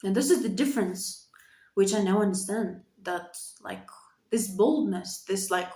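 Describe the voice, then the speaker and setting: A woman's voice: mid-range voice, a little slow, mellow. A woman in her thirties talking candidly to camera in her bedroom, earnest and repetitive, swearing freely as she opens up. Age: 30s. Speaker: vlogger. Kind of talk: candid personal monologue. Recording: echoey room.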